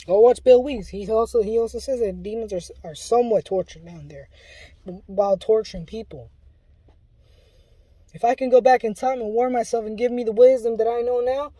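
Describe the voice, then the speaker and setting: A woman's voice: on the high side, normal speed, mellow, dry recording, rough recording. A woman giving an impassioned religious warning, pleading and urgent, often restarting her sentences.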